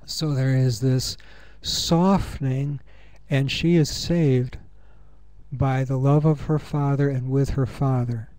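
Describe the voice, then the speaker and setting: A man's voice: mid-range voice, steady tone, dark tone, dry recording. Man, conference speaker, earnest and musing, mid-range voice, dry close sound. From United States. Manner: earnest, musing, thinks aloud with pauses and fillers. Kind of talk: reflective conference talk. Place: university conference room.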